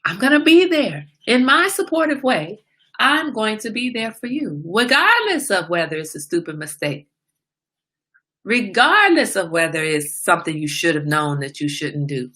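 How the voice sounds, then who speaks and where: A woman's voice: mid-range voice, very animated, moderate pace, bright, forceful tone. A woman hosting a casual livestream, talking emphatically and asking rhetorical questions, like a small sermon. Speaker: livestream host.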